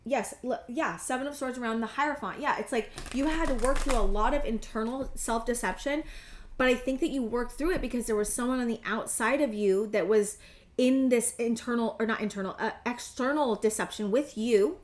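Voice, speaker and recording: A woman in her thirties speaks in a slightly high voice as she gives a heartfelt tarot reading. She is earnest and teary and stumbles over her words, circling back and restarting her sentences as she goes. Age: 30s. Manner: earnest, halting, many restarts and fillers. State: tearful, emotional. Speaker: tarot reader. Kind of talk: emotional intuitive tarot reading.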